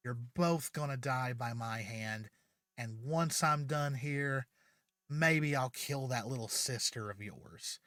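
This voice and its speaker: A man's voice: mid-range voice, takes it slowly, a bit bright, no echo, clean studio sound. A man reading the lines of a cruel, taunting male villain in a retold fan story. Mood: gloating. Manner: gloating, menacing taunts.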